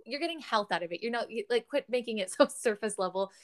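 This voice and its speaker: A woman's voice: on the high side, expressive, fast talker, a crowd in the background. A woman in her thirties hosting a casual podcast chat, talkative, laughing often and swearing freely. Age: 30s. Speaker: podcast host.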